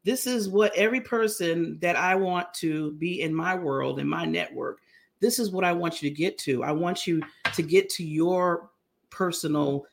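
Gravelly-voiced woman guest, animated. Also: lowish voice, normal speed, a little hiss or hum. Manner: animated, sings jingles, laughs often. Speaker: guest, brand founder. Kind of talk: casual interview talk.

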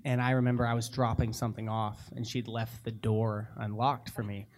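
A man's voice: lowish voice, flat delivery, brisk, slight background noise. A man voice actor on a convention panel, telling a short anecdote in a plain storytelling tone.

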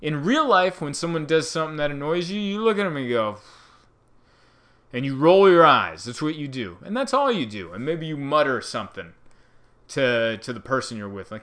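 A man doing a stand-up comedy bit, animated storytelling that acts out the people in it. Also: on the high side, normal speed. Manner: animated storytelling, acting out characters.

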